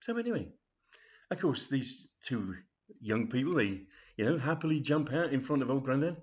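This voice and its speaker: A man reading his own comic story in a rambling, chatty manner, full of fillers and asides. His pitch moves around a lot. The recording is dull and lo-fi. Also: animated, normal speed, breathy edge.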